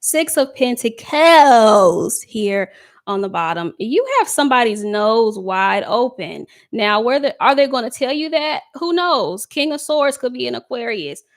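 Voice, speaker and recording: A woman doing a relaxed live tarot love reading for her viewers. She talks in a loose, conversational way, reads out their comments and breaks into laughter often. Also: a little high, a little slow. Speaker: tarot reader.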